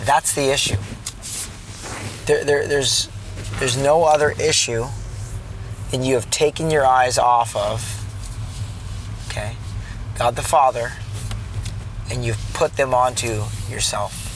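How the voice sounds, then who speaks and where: A man's voice: medium pitch, fairly even intonation, takes it slowly, pauses often, slight background noise. A man in his thirties, a father, talking through a reflection on parenting in a casual vlog that turns preachy, earnest and rambling with many restarts, from inside a car.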